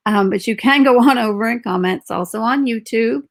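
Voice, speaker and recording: A woman's voice: a little high, brisk, vocal fry. Encouraging woman podcast host. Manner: encouraging, upbeat, gently prompting. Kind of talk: live-streamed podcast interview.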